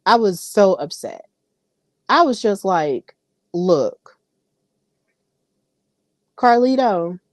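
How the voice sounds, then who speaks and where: A woman hosting a podcast, giving casual, animated and opinionated commentary aimed straight at her listeners. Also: medium pitch, dry recording, clean studio sound. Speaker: podcast host.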